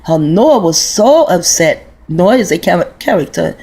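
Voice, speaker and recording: A woman's voice: on the low side, very animated, measured pace, mellow, breathy edge. A woman in her forties telling a long, rambling, profane story in a casual vlog monologue, full of restarts. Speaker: vlogger.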